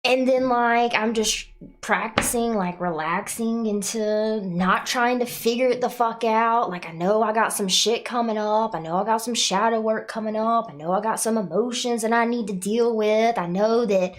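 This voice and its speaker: A woman's voice: on the high side, normal speed. A woman hosting a casual livestream, rambling and swearing a lot, using "like" often, sounding nauseous and worn out. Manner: profane, rambling, confessional; frequent filler "like". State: nauseous and exhausted. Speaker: livestream host.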